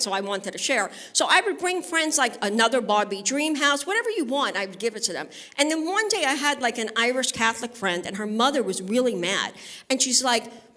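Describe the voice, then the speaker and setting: A woman's voice: on the high side, sharp tone. A woman from Brooklyn doing a stand-up comedy set on a studio stage, talking conversationally and bantering with the audience. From Brooklyn, New York. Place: live music studio stage.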